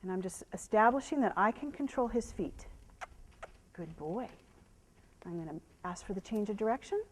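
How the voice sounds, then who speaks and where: A woman horse trainer giving a live demonstration, explaining to viewers and softly praising the horse, sometimes dropping to a hush. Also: medium pitch, normal speed, slight background noise. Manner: drops to a hushed whisper when calming the horse.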